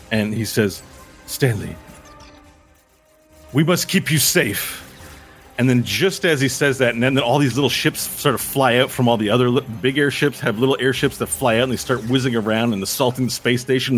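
Man, game master, eager rambling narration, mid pitch, soft music behind. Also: brisk. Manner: excited rambling narration with fillers.

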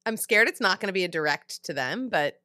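A woman's voice: lowish voice, expressive, a little fast, sharp tone, no room sound, clean studio sound. Chatty podcast co-host woman. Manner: chatty, laughs often. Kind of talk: casual chat.

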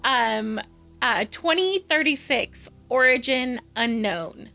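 A woman's voice: high voice, expressive, takes it slowly, gravelly, bright, forceful tone, faint music behind. A woman co-hosting a movie podcast, laughing often and steering the chat between topics. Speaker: podcast co-host. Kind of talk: casual comedic chat.

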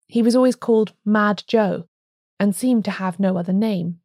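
Woman reading an audiobook, calm steady pace, mellow voice, dry close mic. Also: mid-range voice, normal speed, no room sound. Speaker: narrator. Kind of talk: audiobook narration.

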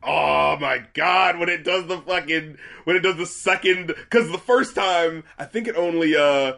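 A young man co-hosting an album review podcast, talking in animated casual chat with lots of fillers, restarts and swearing. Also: a little high, a little slow, vocal fry.

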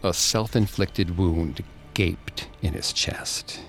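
A man narrating a true-crime story in a measured, somber storytelling manner. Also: low-pitched, soft background music.

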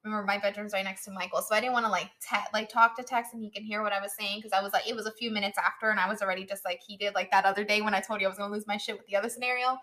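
A woman's voice: medium pitch, steady tone, rapid-fire, few pauses, sharp tone. A young woman co-hosting a casual chat, animatedly acting out her own inner dialogue and swearing freely. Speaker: co-host.

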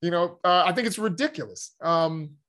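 A man's voice: sits high, lively intonation, moderate pace, a bit bright. A man in casual conversation, talking in a rambling way with many restarts and "you know" fillers. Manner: rambling, self-correcting, frequent "you know".

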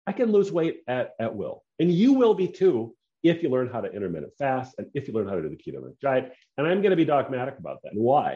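A man's voice: medium pitch, mellow, highs cut off. A man giving an emphatic, opinionated casual monologue as a podcaster. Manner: emphatic, opinionated, self-assured.

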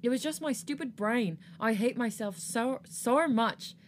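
A woman's voice: on the high side, a little slow, a little hiss or hum, voice pushed up, natural voice. A woman voicing a guilt-ridden young man pleading to be heard. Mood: remorseful. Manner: pleading, apologetic.

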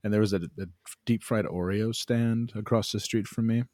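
A man's voice: lowish voice, moderate pace, no echo. A young adult man co-hosting a casual comedy podcast, telling stories with acted-out voices and plenty of swearing. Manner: animated storyteller, acts out voices, swears freely. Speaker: podcast co-host.

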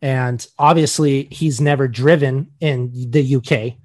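A man's voice: medium pitch, measured pace. An American man co-hosting a podcast, chatting casually and joking with laughter. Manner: laughing, jokey, animated. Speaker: podcast co-host. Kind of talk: casual chat.

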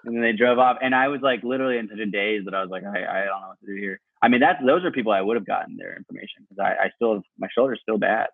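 A man as a podcast guest, telling stories in animated casual chat and swearing freely. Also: fairly low pitch, very fast, vocal fry, few pauses, husky, no room sound. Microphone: AirPods on a video call. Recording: tinny dry earbud-mic line.

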